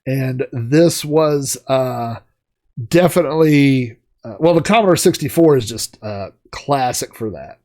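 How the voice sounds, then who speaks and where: A man's voice: mid-range voice, animated, a little slow, warm tone. A middle-aged man hosting a retro gaming show, telling a casual, rambling story with many fillers while he plays. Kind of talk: casual anecdote while playing a game.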